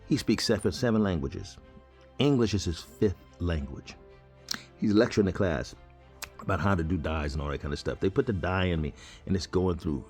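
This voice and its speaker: A man casually telling his own story to his audience in an animated, joking, conversational way. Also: low voice, moderate pace, faint music behind.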